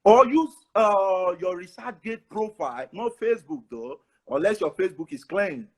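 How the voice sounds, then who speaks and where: A man, a professor giving casual, animated advice with frequent repetition. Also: high-pitched, moderate pace, husky. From Nigeria. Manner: animated, repetitive, laughs often.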